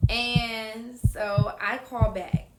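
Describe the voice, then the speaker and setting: A young woman telling a casual storytime to her viewers, animated and often calling out to them. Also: a little high, drawn-out words, very noisy. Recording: roomy echo.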